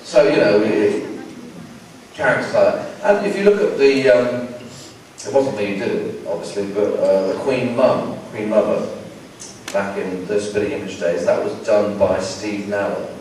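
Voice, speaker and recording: Low-voiced man in an echoey hall. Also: moderate pace, darkish tone. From England. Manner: rambling, full of restarts, wry and self-mocking. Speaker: guest actor at a fan convention Q&A. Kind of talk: casual convention Q&A answers. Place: large convention hall. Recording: very echoey hall, distant and noisy.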